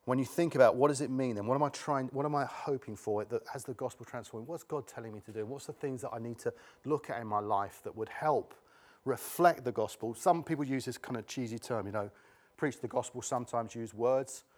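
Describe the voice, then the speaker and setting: A man's voice: mid-range voice, fairly quick, darkish tone. Emphatic middle-aged male preacher. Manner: emphatic, repeats key words for stress. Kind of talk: sermon.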